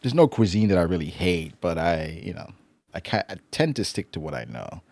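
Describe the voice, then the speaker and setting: Deep-voiced easygoing man. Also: expressive, fairly quick, gravelly, darkish tone, no room sound, clean studio sound. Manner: easygoing, teasing, laughs often. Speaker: podcast co-host. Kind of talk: casual chat.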